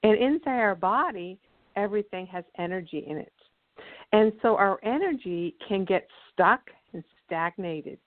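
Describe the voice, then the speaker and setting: A woman guest explains her ideas about emotional energy on a call-in talk show, pausing as she builds her stories. Her medium-pitched voice comes through a tinny phone line with a dry, close sound. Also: lively intonation, dry recording. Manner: explanatory and storytelling, with measured pauses. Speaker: guest, energy healer and author. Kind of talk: radio call-in interview.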